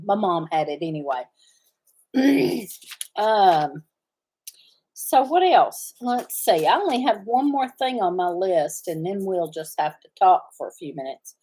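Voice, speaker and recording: A middle-aged woman with a drawl talks casually to her livestream viewers from the farm. Her speech rambles from thought to thought, with frequent pauses while she searches for a word. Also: lowish voice, warm tone. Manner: rambling, often searching for words. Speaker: farm channel host.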